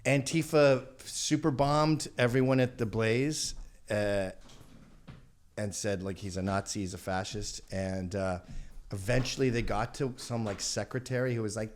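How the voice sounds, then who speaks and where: A man in his fifties, a podcast guest, telling profane stories in casual chat and slipping into quick character voices. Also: lowish voice, fairly even intonation.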